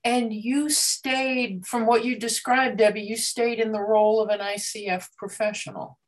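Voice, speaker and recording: A woman facilitating a coaching group discussion, speaking in a measured, reflective way. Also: on the high side, fairly even intonation, poor audio.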